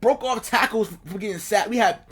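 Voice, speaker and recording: Podcast co-host, man, high-pitched, animated and frustrated, repeats lines. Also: a little fast, breathy edge. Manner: animated, exasperated, repeats himself. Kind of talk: casual fan chat.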